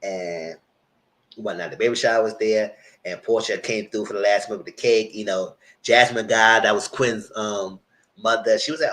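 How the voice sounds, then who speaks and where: A man's voice: fairly low pitch, fairly even intonation, moderate pace, a bit bright, low-quality recording. A man hosting a live TV review, recapping episodes in a chatty, rambling way. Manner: chatty, rambling, slips into character voices. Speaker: TV review host. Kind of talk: casual TV recap commentary.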